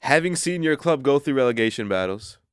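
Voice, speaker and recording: A man's voice: mid-range voice, animated, brisk, clean tone, no room sound, clean studio sound. A man co-hosting a sports podcast, laid-back and chatty. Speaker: podcast co-host. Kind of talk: casual chat.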